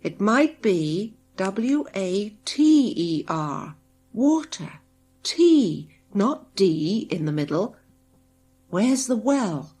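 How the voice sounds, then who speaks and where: A woman reading an audiobook, voicing a drawling, menacing male gang boss who turns sharp and angry. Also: medium pitch, husky, exaggerated voice.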